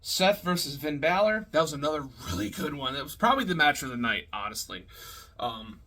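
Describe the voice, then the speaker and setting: A man giving a casual, rambling spoken review, heavy on swearing, fillers and quick laughs. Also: on the high side, sing-song, pushed and bright. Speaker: wrestling reviewer.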